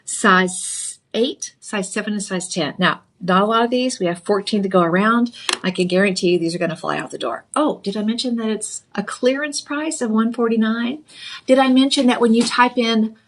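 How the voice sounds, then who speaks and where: A middle-aged woman hosting a live home shopping show, giving a chatty, playful sales pitch and calling viewers honey. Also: moderate pace, a little hiss or hum. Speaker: shopping channel host.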